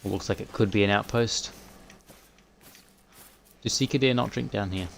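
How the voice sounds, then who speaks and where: A man's voice: fairly low pitch, slight background noise. A man streaming live, giving casual running commentary as he plays a hunting game, muttering and thinking aloud as he goes.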